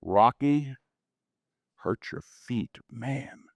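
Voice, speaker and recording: Extremely slow yet animated, his mid-range voice comes through close and dry with no room sound. It's a casual slide presentation of his photos to a small community-room audience, peppered with folksy jokes and chatty asides.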